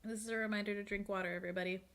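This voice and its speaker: A woman's voice: medium pitch, fairly even intonation, racing, fairly bright tone. A woman chatting casually while drawing on a live stream, rambling and laughing often, seated at a desk at home.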